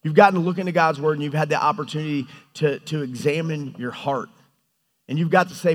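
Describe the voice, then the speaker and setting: Guy preaching, high voice, lively storytelling, echoey hall sound. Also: quick pace. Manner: animated, storytelling, acts out God's lines. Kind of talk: sermon. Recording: hall reverb.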